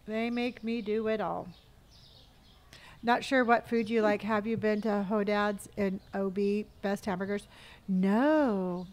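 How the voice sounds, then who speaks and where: A middle-aged woman from California hosts a relaxed live game stream. She chats easily, reads out viewers' comments and talks herself through tasks in a low mutter. Her voice sits at an ordinary pitch for a woman. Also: slow pace. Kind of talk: casual live-stream chat while gaming.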